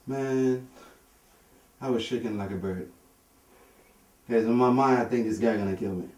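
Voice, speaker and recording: A man's voice: medium pitch, normal speed, pauses often, darkish tone. Brief: male comic, mumbled storytelling, echoey room, mic far off. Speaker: comedian. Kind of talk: stand-up storytelling, switching languages.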